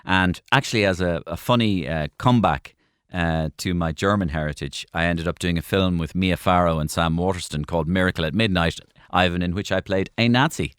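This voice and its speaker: A man, a comedian guest telling lively stories in a radio studio interview, often repeating phrases. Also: sits low, a little fast, hardly any pauses, clear, resonant tone, no echo. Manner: animated storyteller, repeats phrases.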